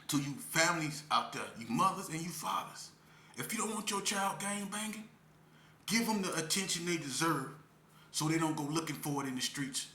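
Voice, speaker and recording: Speaking to parents with earnest emotion, a Las Vegas man tells his story and repeats phrases for emphasis, his accent shaped by the city's street speech. His voice is a little high with a sharp tone. The recording carries echo and faint ambience from the room.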